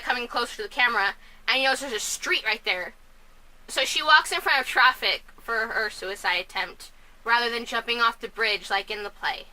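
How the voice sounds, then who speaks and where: A chatty woman vlogger with a high, bright voice reviews films and musicals at home while her family sleeps next door. Her casual commentary is scatterbrained, punctuated by quick bursts of loud outrage.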